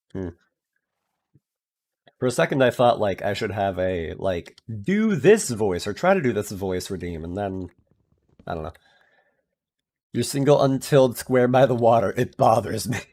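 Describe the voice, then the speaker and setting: A man chatting casually while he streams a game, rambling and poking fun at himself. His talk is slow and unhurried, with a gravelly rasp. His pitch swings widely as he drops into silly voices. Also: big pitch swings, a little mellow. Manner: rambling, self-mocking, with playful voice bits.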